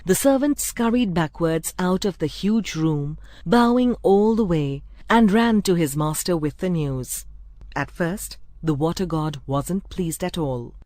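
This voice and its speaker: Casting: a woman narrator for a children's tale, lower voice, dry close mic. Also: expressive, a little mellow, dry recording. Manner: clear, measured storybook reading. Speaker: storyteller. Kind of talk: scripted narration.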